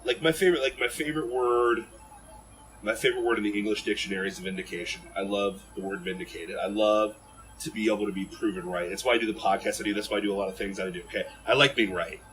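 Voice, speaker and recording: Low-voiced man telling a story. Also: fast, a little hiss or hum, low-quality recording. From Ohio, USA. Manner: animated, rambling, lots of fillers and restarts. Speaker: podcast guest. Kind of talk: casual storytelling in an interview.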